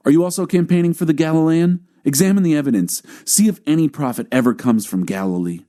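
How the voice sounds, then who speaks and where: A man's voice: low-pitched, fairly even intonation, slow, warm tone. A man voicing scornful, raised-voice temple elders. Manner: scolding, mocking questions. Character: indignant scornful male religious leaders.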